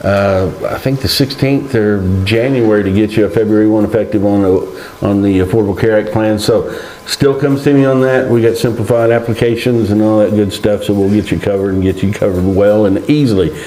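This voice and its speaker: A man's voice: lowish voice, fairly even intonation, mellow, a little hiss or hum. A man co-hosting a local community news show, talking in an easygoing, folksy way. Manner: easygoing, folksy, drawn-out phrasing. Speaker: co-host and local financial agent. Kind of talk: casual live show chat. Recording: roomy echo.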